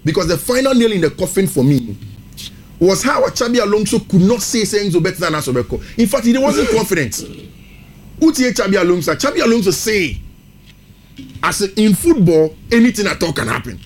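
A Ghanaian man breaks down football on the radio, his voice a touch higher than most, switching between Twi and English. The studio carries a faint hiss of background noise behind him. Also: a little fast. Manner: animated, mixing Twi and English. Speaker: football pundit.

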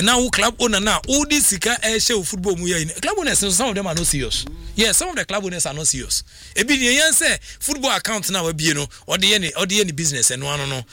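A Ghanaian man holds forth about football on a radio show. His voice sits a little high and sounds bright and forceful. He rambles excitably and breaks into laughter. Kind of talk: casual radio talk.

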